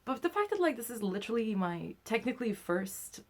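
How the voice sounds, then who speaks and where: A woman's voice: a little high, very animated, fairly quick. A young woman telling a story to her camera in a casual, chatty way, peppering her talk with "like" and swearing and acting out her own reactions. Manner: chatty, heavy use of "like" and swearing. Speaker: vlogger.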